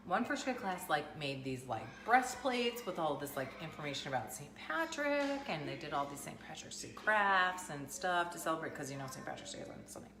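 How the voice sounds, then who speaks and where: A woman's voice: low voice, huge pitch swings, a little fast, hardly any pauses. A woman, chatting casually to camera and rambling through everyday stories. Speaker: vlogger. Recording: echoey room with music playing.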